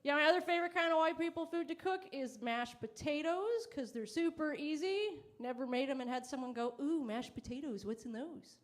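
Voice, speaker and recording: A woman with a high, light voice works through a stand-up set. Her delivery is deadpan and self-mocking, and she briefly acts out the people in her stories. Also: brisk, hardly any pauses, slight background noise. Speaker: stand-up comedian. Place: comedy stage. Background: audience laughter.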